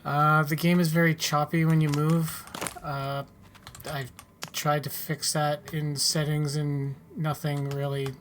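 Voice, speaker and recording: Wry, mumbling gaming commentator. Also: male voice, on the high side, little pitch movement, slow pace, a bit bright, slight background noise. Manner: wry, offhand, mutters asides. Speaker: gaming YouTuber. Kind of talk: casual let's-play commentary.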